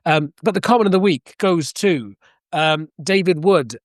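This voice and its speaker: A man hosting a casual football podcast, brisk and jokey as he moves the show along. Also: fairly high pitch, lively intonation, dry recording, studio quality. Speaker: podcast host. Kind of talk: casual chat.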